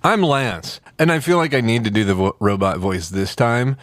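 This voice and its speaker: A man's voice: lowish voice, animated, brisk, no room sound. A man hosting a casual book podcast, joking and rambling with lots of fillers. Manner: rambling, jokey, many fillers. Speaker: podcast host. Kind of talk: casual chat.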